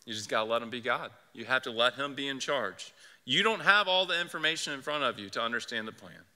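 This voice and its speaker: A male pastor preaches in an earnest, conversational way, his voice very bright and sharp. He talks at a middling pitch for a man. A long reverb from the church sanctuary trails behind his words. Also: lively intonation, fast talker. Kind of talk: sermon.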